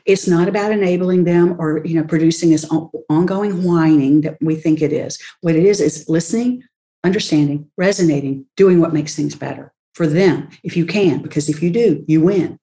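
A woman's voice: low-pitched, normal speed, warm tone. A woman speaking as a leadership expert in an interview, talking animatedly, acting out quoted voices and laughing often. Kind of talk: conversational interview talk.

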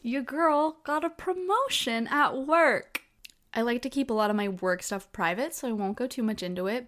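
A woman in her twenties hosting her own podcast, telling stories in a chatty, casual way with lots of fillers. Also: medium pitch. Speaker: podcast host. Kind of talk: casual solo chat.

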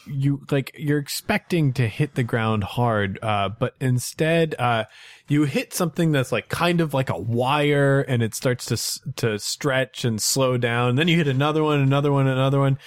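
A man narrating as game master in a tabletop game, relaxed and halting with lots of fillers. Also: mid-range voice, no echo, clean studio sound.

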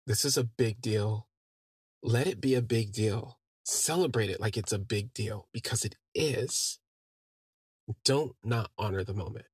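Low, gravelly man telling a personal story. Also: dry recording, clean studio sound. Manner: conversational, recounting events with quoted dialogue. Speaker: podcast host.

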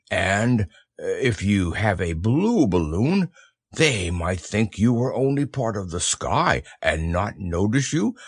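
A gentle, slow-witted teddy bear, as a male reader puts him on, musing in a slow, ponderous way. His low voice has a gravelly edge and drifts slowly through its words. It sounds like a storybook read aloud. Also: dry recording, studio quality, heavily acted. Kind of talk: storybook character voice.

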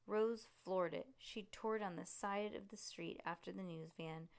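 A woman reading a children's story aloud with lively pacing and the odd slip and restart. Her voice has a gravelly, creaky grain. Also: medium pitch, a little slow. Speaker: reader.

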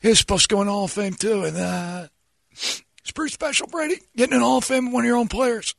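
A man doing an impression of a middle-aged football TV analyst who talks haltingly with many filler sounds. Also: high-pitched, steady tone, vocal fry, a bit bright, no room sound, clean studio sound, heavily acted. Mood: earnest. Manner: halting, full of uhs, earnest self-praise.

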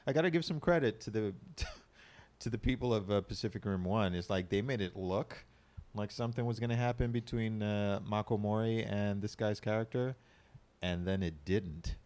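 A man co-hosting a casual, profane chat about films, animated and quick to act out quotes. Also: on the low side. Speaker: podcast co-host.

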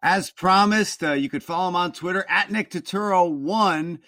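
A man's voice: high voice, moderate pace. A man hosting a podcast in an easygoing, conversational way. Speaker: podcast host.

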